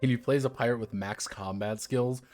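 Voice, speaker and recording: A man's voice: medium pitch, fairly even intonation, brisk, a little mellow, faint music behind. A man streaming live, rambling and joking and swearing freely as he walks through a tabletop game book. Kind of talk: casual live-stream chat.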